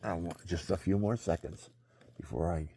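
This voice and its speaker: Gravelly low older man rambling. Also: normal speed, dark tone, a little hiss or hum. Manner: digressive, drifting between topics; stretching while talking, breathy hiccups. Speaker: vlogger. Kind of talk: rambling casual monologue.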